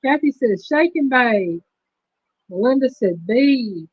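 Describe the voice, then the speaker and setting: Female host, higher voice, slow trivia reads, dry lo-fi audio. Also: expressive, a little hiss or hum. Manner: reads quiz questions slowly and repeats them. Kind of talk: casual livestream trivia chat. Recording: dull lo-fi stream audio.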